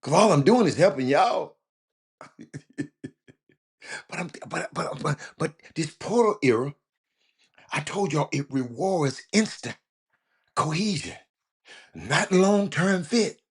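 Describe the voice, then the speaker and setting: A man hosts a loose talk show monologue over the phone, his voice sitting noticeably high. He speaks with a drawl and lectures his listeners. He keeps stammering and restarting his lines as he goes. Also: lively intonation, slow, long pauses, breathy edge. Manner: preachy, repeats himself, stammering restarts. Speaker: show host. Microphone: phone call.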